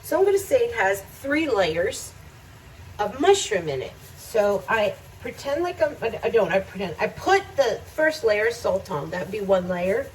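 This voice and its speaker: A woman's voice: mid-range voice, big pitch swings, moderate pace, recorded from a distance, rough recording. A chatty woman talks her viewers through a recipe in a home kitchen, laughing as she goes. Her voice sits in a middle register and comes from a little way off the mic. Faint kitchen noise runs underneath. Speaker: home cooking vlogger. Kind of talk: casual cooking demonstration.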